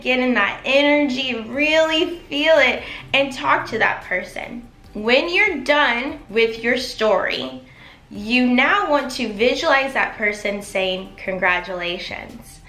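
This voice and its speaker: Upbeat woman vlogger coaching her viewers, crisp, fairly high voice, roomy echo. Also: slow pace, bright, forceful tone. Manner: upbeat, encouraging, addresses viewers directly. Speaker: manifestation coach. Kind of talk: instructional vlog talk. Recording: echoey room.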